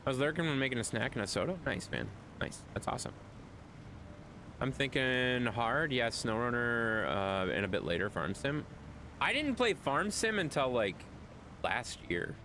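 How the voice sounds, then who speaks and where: A man streaming a game live, chatting casually with his viewers, animated and playful with repeated phrases. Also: mid-range voice, moderate pace, a little hiss or hum.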